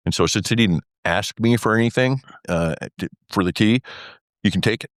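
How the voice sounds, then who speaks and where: Low-voiced man telling a war story. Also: moderate pace, no room sound, studio quality. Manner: rambling, filler-heavy, wry with laughs. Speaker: interview guest, former pilot. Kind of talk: casual storytelling interview.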